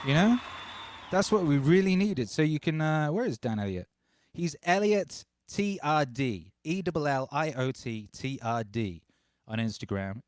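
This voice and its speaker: A man in his forties from England, hosting a home livestream in an excitable, rambling way, talking into a microphone run through a DJ mixer. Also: medium pitch, normal speed. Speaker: livestream host and DJ. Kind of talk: casual livestream chat. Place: home studio. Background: faint music bed.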